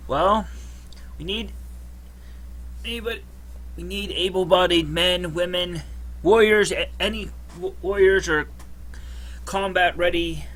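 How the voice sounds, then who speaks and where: A man's voice: sits high, unhurried, long pauses, fairly bright tone. A man voicing a flustered male town sergeant who fumbles for words while calling for fighters. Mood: urgent.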